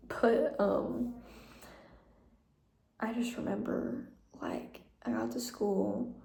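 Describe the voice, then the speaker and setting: Young woman with a gravelly, mellow voice. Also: mid-range voice, reverberant. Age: young adult. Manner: chatty, many fillers and laughs. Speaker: vlogger. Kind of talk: casual personal storytelling.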